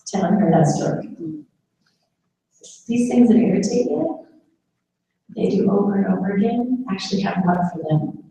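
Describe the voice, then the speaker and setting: A woman's voice: medium pitch, animated, normal speed, pauses often, mellow. A woman giving a live caregiver workshop, drawing the audience in with questions. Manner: engaging, asks the audience questions. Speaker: dementia caregiver workshop speaker. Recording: echoey room, mic far off, faint noise.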